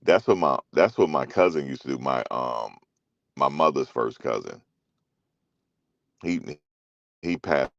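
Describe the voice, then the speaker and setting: A man's voice: extremely low pitch, expressive, a little slow, long pauses, no echo, lo-fi sound. A middle-aged man talking loosely and casually as a commentary host, rambling through stories with slang and profanity.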